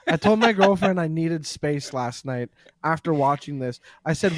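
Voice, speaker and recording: A man's voice: a little high, expressive, normal speed, no room sound. A comedian man in casual podcast chat, telling rambling, self-mocking stories. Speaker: comedian guest.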